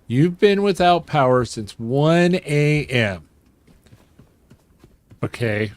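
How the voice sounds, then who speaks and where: Slow-talking man streaming a game. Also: fairly high pitch, expressive, no echo. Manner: chatty and joking, chuckles often. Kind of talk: casual gameplay commentary while reading chat.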